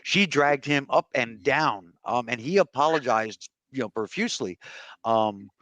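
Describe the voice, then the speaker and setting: A man co-hosting a casual panel podcast, rambling with many pauses and restarts. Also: mid-range voice, lively intonation, a bit bright, no room sound. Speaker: podcast co-host.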